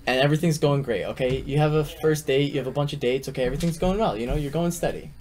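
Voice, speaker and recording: A man's voice: on the high side, quick pace, darkish tone. A young man co-hosting a casual chat, playful and teasing, setting up questions for a guest. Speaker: co-host. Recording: faint background noise.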